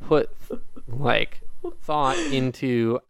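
A man's voice: mid-range voice, fairly even intonation, extremely slow, creaky. A man co-hosting a podcast, chatting casually with wry, rambling jokes and the odd swear. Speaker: podcast co-host. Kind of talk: casual chat.

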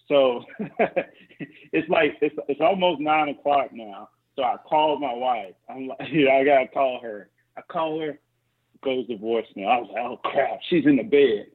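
Homme husky sur une ligne téléphonique grésillante. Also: male voice, moderate pace. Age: 40s. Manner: excited, stammering restarts, voice climbing high when emotional. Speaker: guest. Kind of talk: casual storytelling. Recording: tinny phone line.

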